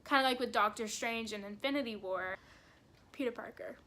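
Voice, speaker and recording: Bright-voiced excitable young woman vlogger. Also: fairly high pitch, fairly quick, a little hiss or hum. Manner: chatty, excitable fan, laughs often, swears casually. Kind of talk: casual movie review chat.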